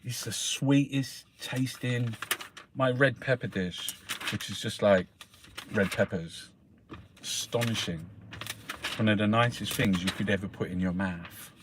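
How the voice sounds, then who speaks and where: Swearing Cockney man, low voice. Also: a little slow, background noise. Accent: London Cockney. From South London, England. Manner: swears constantly, calls listeners mate. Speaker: host reviewing the newspapers. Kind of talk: rambling casual monologue.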